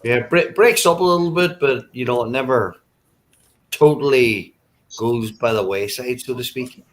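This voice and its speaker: A man's voice: mid-range voice, normal speed, a bit bright. A man from Ireland with an Irish accent, chatting casually with friends and filling his talk with "you know". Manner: rambling, many "you know" fillers. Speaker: chat participant. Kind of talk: casual group chat.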